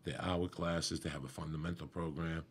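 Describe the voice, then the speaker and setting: A middle-aged man, a comedian guest, telling a profane, animated story in casual podcast chat. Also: extremely low pitch, normal speed. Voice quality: gravelly, husky.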